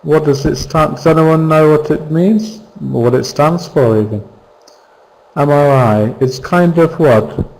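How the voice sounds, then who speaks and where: Slow, patient male English teacher. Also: fairly high pitch, gravelly, a little mellow, rough recording. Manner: slow, patient drilling of words and stress. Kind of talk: online vocabulary lesson. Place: virtual classroom.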